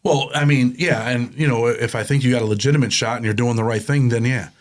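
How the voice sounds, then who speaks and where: A middle-aged man, a prison consultant, appears as a guest in a casual interview. He tells stories fast and with animation, using plain street talk in a mid-range voice.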